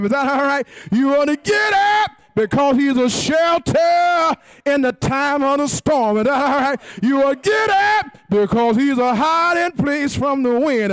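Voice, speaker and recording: A male preacher, delivering a sermon in a whooping, sing-song cadence, often shouting and asking the congregation for response. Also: very high-pitched, dry recording, clean studio sound.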